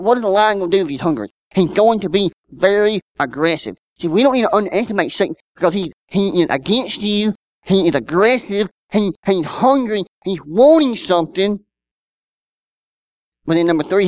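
A man's voice: high voice, dry recording. Guy preaching, talks to the crowd with lots of questions and little stories, dry close sound. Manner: conversational preaching with rhetorical questions and personal anecdotes. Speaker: pastor. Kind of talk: sermon.

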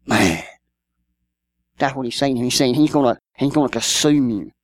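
A man's voice: mid-range voice, moderate pace, no echo. A man, preaching a sermon in a conversational style with rhetorical questions and personal stories. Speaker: pastor.

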